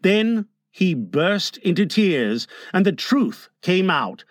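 A man narrating an audiobook in an expressive, playful storytelling manner. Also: high voice, slow pace, no room sound, studio quality.

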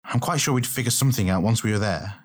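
A man's voice: fairly low pitch, quick pace, natural voice. A man voicing a practical, frank male warrior who is a little impatient, in an audiobook. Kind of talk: audiobook character reading.

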